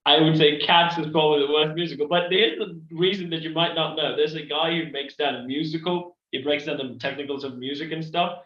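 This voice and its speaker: A man's voice: a little high, steady tone, fairly quick, hardly any pauses, a bit bright. A man in casual chat, explaining something at length with rambling restarts, recorded with roomy, dull lo-fi sound.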